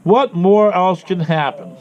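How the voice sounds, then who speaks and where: A man's voice: high voice, slow pace, darkish tone. Swearing, congested man ranting. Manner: angry, swearing, repeats himself. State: head cold. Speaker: vlogger. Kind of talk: ranting personal vlog. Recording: dull lo-fi sound with faint noise.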